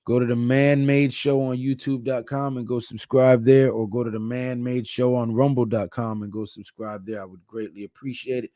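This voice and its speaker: Brief: male live-stream host, tired, laid-back, mellow dark tone, dry close sound. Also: mid-range voice, little pitch movement, moderate pace, hardly any pauses, no echo. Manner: laid-back, reads chat comments aloud. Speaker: livestream host. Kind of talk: casual live-stream chat.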